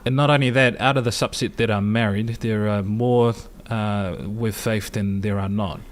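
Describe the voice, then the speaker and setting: Low-voiced man arguing his point. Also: fairly even intonation. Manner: measured, builds arguments from data with many restarts. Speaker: podcast panelist. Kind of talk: casual panel discussion.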